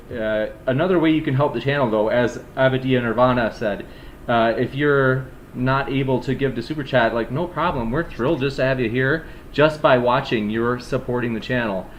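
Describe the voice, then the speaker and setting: A man's voice: medium pitch, a little hiss or hum. A man hosting a live stream, easygoing and full of fillers as he reads out viewer messages. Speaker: host and moderator.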